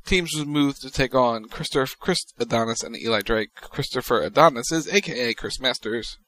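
A man co-hosting a wrestling podcast, talking through upcoming matches in a relaxed, matter-of-fact way. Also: mid-range voice, moderate pace, no echo. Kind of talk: casual chat.

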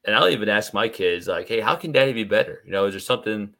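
Low-voiced man musing on parenting. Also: animated, fast talker, sharp tone. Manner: reflective, many fillers. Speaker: podcast guest, co-founder. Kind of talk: casual conversation.

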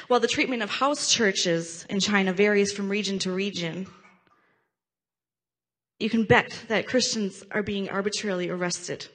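A woman hosting a Christian prayer video, talking in a casual, earnest way with pauses and restarts. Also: mid-range voice, a bit bright. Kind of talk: casual reflective commentary.

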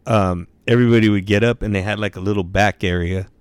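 A man's voice: on the low side, steady tone, fast, clean tone, no echo. A young man telling stories in casual chat, with laid-back slang, heavy swearing and constant "bro" and "dude".

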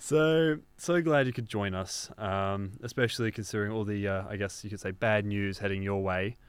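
Smooth-voiced radio host. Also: male voice, fairly low pitch, moderate pace, no room sound. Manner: mock-earnest, soothing interviewer. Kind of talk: comedy radio interview.

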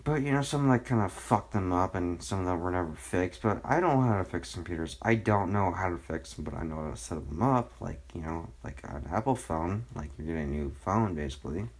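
Deep-voiced young man hosting a podcast from home, talking in a loose, rambling way with heavy swearing and constant filler words. His delivery is casual and unpolished, with no script behind it. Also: expressive, brisk, few pauses, husky. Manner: rambling, profane, full of fillers. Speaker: podcast host. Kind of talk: casual solo rant.

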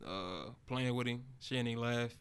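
A young man co-hosting a casual podcast, speaking softly and easily about his son. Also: medium pitch, unhurried, clean tone, no room sound. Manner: laid-back, soft-spoken. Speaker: podcast co-host.

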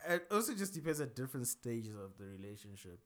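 A man with a mid-range voice talking casually. He is calm and measured. He lays out his reasoning step by step. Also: medium pitch. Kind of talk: casual chat.

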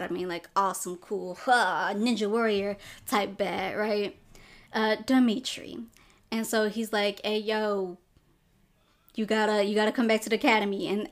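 A young adult woman hosting a podcast, giving a casual, rambling movie review full of "like" fillers. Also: mid-range voice. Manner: chatty, rambling, lots of "like" fillers. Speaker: podcast host. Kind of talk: casual film review commentary.

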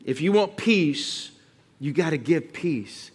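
Male preacher, high voice, sermon, calling out to the congregation, church. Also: expressive, slow, breathy edge. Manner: calls out to the congregation.

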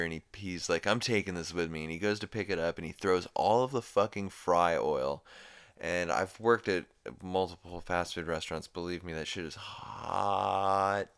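A man's voice: deep voice, normal speed, fairly bright tone, smooth, no room sound, clean studio sound. A young man hosting a podcast, recapping a cartoon episode in a rambling, laid-back way with casual swearing. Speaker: podcast host.

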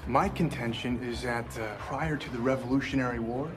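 An actor playing a smug young graduate student who talks down to others with showy academic wording. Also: male voice, medium pitch, brisk, lightly acted. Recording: film audio with music underneath.

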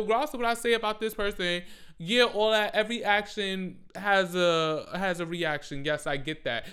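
A man with a fairly high, smooth, resonant voice rants to camera about pop culture, cursing freely and swinging from muttered asides to loud outrage. The delivery is animated and unfiltered. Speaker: vlogger. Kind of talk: profane pop-culture rant.

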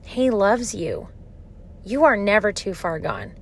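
A woman's voice: medium pitch, wildly swooping pitch, takes it slowly, gravelly. A woman hosting a podcast and giving an earnest, heartfelt devotional talk. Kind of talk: devotional teaching.

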